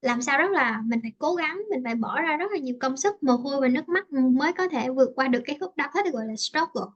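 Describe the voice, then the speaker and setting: Give me a high-voiced Vietnamese woman teaching English. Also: animated, racing, dull audio. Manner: explains with many fillers and restarts. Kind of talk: online English lesson, mixing Vietnamese and English.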